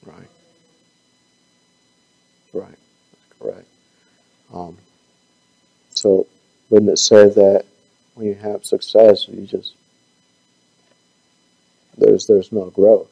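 A man leading a Bible class and closing it with a prayer. He is losing his voice and talks in a halting way, often stumbling over his words. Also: lowish voice, flat delivery, gravelly, dark tone, breathy edge, rough recording.

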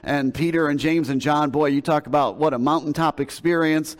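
A man's voice: a little high, steady tone, normal speed. A male pastor delivering a sermon, retelling a scripture story with emphasis in a conversational preaching manner. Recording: long hall reverb.

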